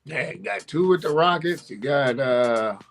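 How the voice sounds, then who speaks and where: A man co-hosting a casual sports talk show, relaxed and brief, often pausing with fillers. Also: fairly high pitch, gravelly, a little hiss or hum. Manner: relaxed, brief, fills pauses with uh.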